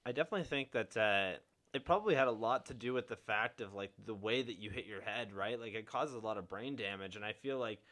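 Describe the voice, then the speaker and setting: Laid-back swearing young podcast host. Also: male voice, lowish voice, fast talker, few pauses, a bit bright. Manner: laid-back, swears often, lots of fillers. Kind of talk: casual chat.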